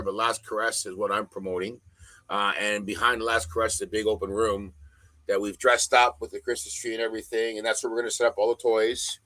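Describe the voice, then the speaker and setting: Blunt, cussing man with a low, forceful voice. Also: dry recording, poor audio. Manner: blunt, heavily profane, emphatic ranting. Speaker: podcast guest. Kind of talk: casual podcast conversation.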